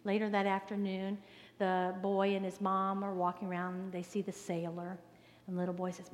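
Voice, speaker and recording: A woman pastor giving a sermon, earnest and emphatic, sometimes dropping to a soft near-whisper. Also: medium pitch, completely flat delivery, moderate pace, slight background noise. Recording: long reverb of a large hall.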